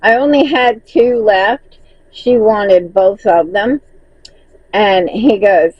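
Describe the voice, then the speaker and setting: A woman's voice: medium pitch, slow, slightly rough, no room sound, highs cut off. A woman with a Southern accent, chatting casually in a vlog as she recaps her crochet market sales and laughs often.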